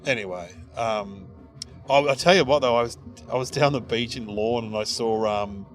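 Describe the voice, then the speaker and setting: A man's voice: moderate pace, soft background music. A middle-aged man hosting a casual comedy chat, telling stories and jumping into voices for the people he quotes. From Australia. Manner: animated storyteller, jumps into high-pitched voices for quoted people. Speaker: podcast host.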